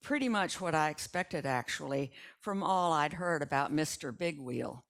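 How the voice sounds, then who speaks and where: A woman reading a story aloud in an unhurried storytelling manner, slipping into small voices for the characters. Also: low voice, lively intonation. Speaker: resident reader. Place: retirement community.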